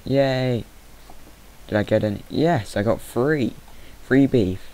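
A man's voice: mid-range voice, unhurried, mellow, a little hiss or hum, poor audio. A young man giving rambling let's play commentary, easily startled and chatting to the animals in the game. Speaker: gamer. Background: mouse clicking.

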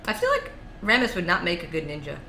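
A woman's voice: lowish voice, huge pitch swings, fast, pushed and bright, slight background noise. A woman co-playing a game, trading dry, teasing banter with her partner. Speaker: co-player. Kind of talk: casual gameplay commentary. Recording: echoey room.

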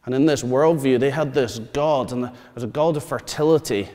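A man, preaching a sermon. He tells stories and asks the congregation questions, dropping to quiet asides. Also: medium pitch, a little fast. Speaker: pastor. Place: church hall. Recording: long church reverb.

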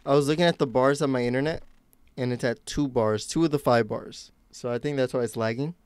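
A man's voice: medium pitch, brisk, smooth, dry recording. A young man from the United States chatting casually while live-streaming games, rambling and self-mocking. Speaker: game streamer.

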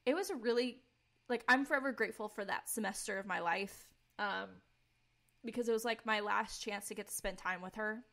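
A woman's voice: mid-range voice, fairly quick, fairly bright tone. A young woman, a podcast co-host, candidly telling her personal faith testimony in casual talk, earnest and peppered with "like". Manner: earnest, candid, filler-heavy with frequent "like".

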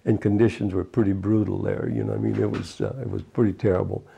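A man's voice: on the low side, little pitch movement, quick pace, creaky, mellow, breathy edge. A man in his eighties, a retired fisherman, recalling his childhood in a rambling oral history interview, full of "you know" asides. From United States. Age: 80s.

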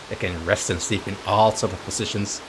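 A man giving playful gameplay commentary as a let's play host, cooing softly and giggling while he talks to the characters on screen. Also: on the low side, fairly even intonation, normal speed, background noise. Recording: game music behind the voice.

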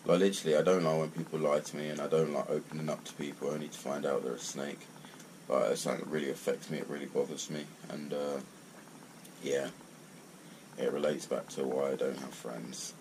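A man's voice: extremely low pitch, level tone, a little fast, noisy background. A man, ranting bluntly and swearing in a casual video monologue. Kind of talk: casual rant to camera.

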